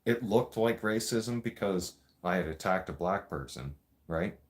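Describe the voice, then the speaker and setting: A man with a low voice telling a story on his show in a loose, casual way. He is blunt and streetwise, swears in nearly every sentence, and talks straight at his listeners. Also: expressive, measured pace. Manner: swears constantly and addresses listeners directly.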